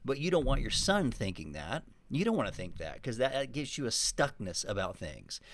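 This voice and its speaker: A man's voice: medium pitch, big pitch swings, moderate pace, a bit bright. A man co-hosting a podcast, explaining ideas in a thoughtful, casual way. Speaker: podcast co-host, self-help author.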